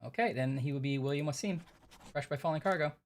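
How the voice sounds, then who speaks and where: A woman's voice: sits low, fast talker, slight background noise. A young woman chatting playfully while she plays a mystery game on stream, thinking aloud. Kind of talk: casual game-stream chat.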